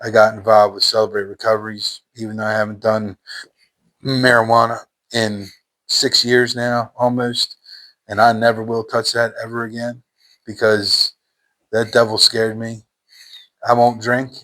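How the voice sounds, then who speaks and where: A man's voice: on the low side, monotone, unhurried, fairly bright tone. Guy telling his faith testimony, fervent and emphatic, repeats himself, casual talk with ums. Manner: casual everyday speech with fillers. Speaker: person giving a personal faith testimony. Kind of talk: personal testimony monologue.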